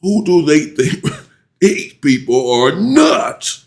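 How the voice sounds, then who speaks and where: A man hosting his own commentary channel, ranting indignantly and jumping to high exclamations. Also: wildly swooping pitch, slow.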